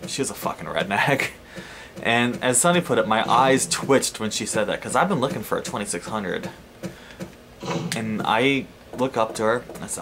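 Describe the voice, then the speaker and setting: A chatty man narrating his gameplay, his pitch swinging widely as he tells a story. His delivery is loose and animated, with casual swearing. A faint hiss sits in the background. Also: normal speed. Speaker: let's play host. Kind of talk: casual gameplay commentary and anecdote.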